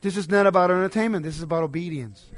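Guy preaching a sermon, pretty high voice, drops quiet then gets loud and emphatic. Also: rapid-fire. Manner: emphatic, rising and falling between soft asides and loud declarations.

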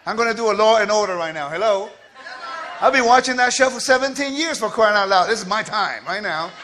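A man giving a quick, scattered and playful teaching to a congregation, joking with the listeners as he goes. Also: sits high, animated, pushed and bright, a faint crowd, a little hiss or hum. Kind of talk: lively spoken teaching.

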